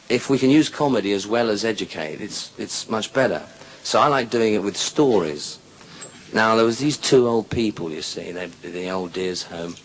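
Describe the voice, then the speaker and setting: A man's voice: on the low side, fairly bright tone, slight background noise. A man telling bawdy stand-up comedy stories in a chatty, aside-filled way.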